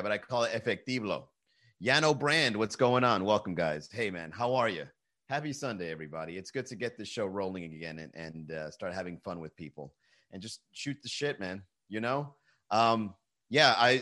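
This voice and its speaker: Joking, foul-mouthed podcast host. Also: male voice, medium pitch, fairly bright tone. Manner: loose, joking, reads chat comments aloud, swears freely. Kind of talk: casual live-stream chat.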